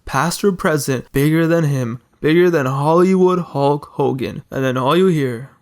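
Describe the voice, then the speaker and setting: A man with a somewhat high-pitched voice narrates a video essay voice-over. He tells the story the way a fan would, casual and conversational, dropping in slangy asides. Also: moderate pace.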